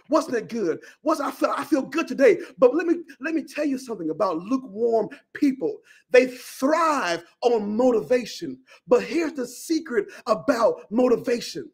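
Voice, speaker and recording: A man preaching a fiery sermon, impassioned, at times shouting and breaking into tongues. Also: very high voice, breathy edge.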